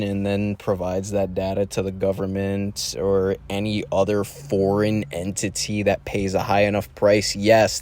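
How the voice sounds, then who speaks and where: A young man hosts a solo podcast, rambling through a profane, meandering monologue full of rants and frequent restarts. His voice is lowish and a little mellow.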